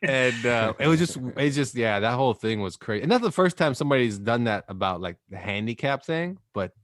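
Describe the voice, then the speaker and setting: A man's voice: medium pitch, expressive, a little fast, a bit bright, no echo, studio quality. A man co-hosting a podcast, telling a story in loose, rambling casual chat. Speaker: podcast co-host.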